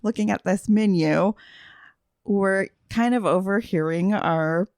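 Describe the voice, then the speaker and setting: A woman's voice: medium pitch, takes it slowly, darkish tone, dry recording. Brief: talkative woman, storyteller, lots of fillers, dry close sound. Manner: chatty storyteller, laughs often, many fillers. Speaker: podcast guest. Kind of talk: casual chat.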